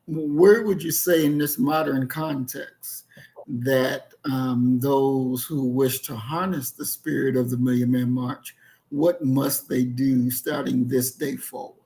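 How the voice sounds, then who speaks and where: A male podcast host with a gravelly, creaky voice who talks slowly. His questions are measured, and he adds frequent short affirmations. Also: mid-range voice, fairly even intonation, darkish tone.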